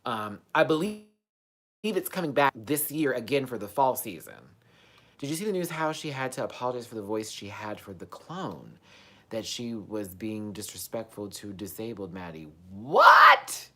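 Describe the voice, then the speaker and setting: Woman, very low voice, livestream host, casual chat with viewers, excitable. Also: moderate pace. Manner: chatty and excitable, jumps between loud outbursts and mumbles.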